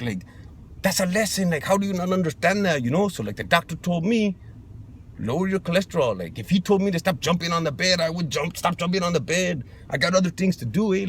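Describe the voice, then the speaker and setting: A man's voice: high voice, slight background noise. A man playing a macho young street guy who gets defensive, talking in a slangy drawl and calling everyone fool. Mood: rambling. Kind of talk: comedy sketch monologue.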